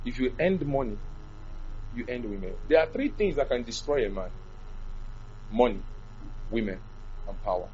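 A man preaching a sermon, animated, swinging from loud to soft. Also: mid-range voice, moderate pace, pauses often, dull audio, slight background noise.

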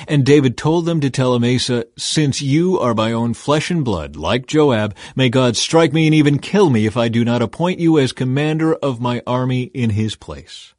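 A man reading scripture aloud in a measured way, slowing down to stress key words. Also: medium pitch, lively intonation, a little mellow, dry recording, clean studio sound. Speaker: scripture reader.

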